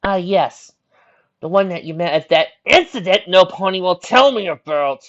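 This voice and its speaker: A man voicing an adult female pony, a brisk, dry-humored mother, in a storybook reading. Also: sits high, lively intonation, a little mellow, voice pushed up. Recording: dull lo-fi recording.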